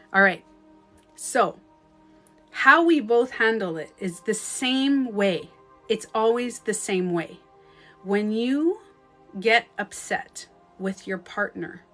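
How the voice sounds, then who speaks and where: Animated Canadian woman on a livestream. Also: fairly high pitch. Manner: animated, with sudden loud outbursts. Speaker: life coach. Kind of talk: casual livestream talk. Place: at home, streaming live. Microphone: phone.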